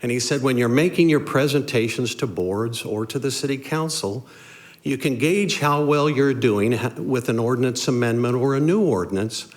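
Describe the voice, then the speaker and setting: A man giving a courteous, measured public comment at a city meeting. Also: mid-range voice. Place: city council chamber.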